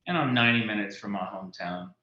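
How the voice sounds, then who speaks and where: Deep-voiced easygoing man in his fifties. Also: fast, sharp tone, roomy sound, highs cut off. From South Louisiana, USA. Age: 50s. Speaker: author guest. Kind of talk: casual interview conversation. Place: indoors at home.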